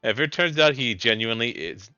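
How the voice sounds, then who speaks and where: Rambling male game streamer, bright voice. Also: mid-range voice, lively intonation, fairly quick, clear, resonant tone, no echo, muffled recording. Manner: rambling, self-interrupting, chuckling. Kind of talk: casual let's play commentary.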